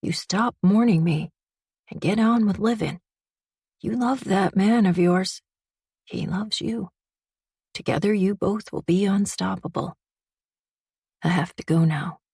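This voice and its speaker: A woman voicing a loving, firm father in an audiobook dream scene, speaking slowly and gently. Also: mid-range voice, husky, no room sound, studio quality. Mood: tender firm. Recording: distant mic.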